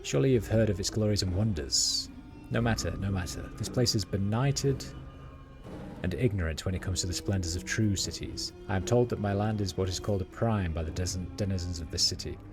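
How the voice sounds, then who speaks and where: A pompous fantasy warrior who is quick to take offense, as a man reads him aloud. He speaks in stiff, old-fashioned phrases with a low voice. Game music plays clearly behind him. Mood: boastful. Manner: pompous, archaic formal speech. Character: arrogant, proud human warrior man, easily offended.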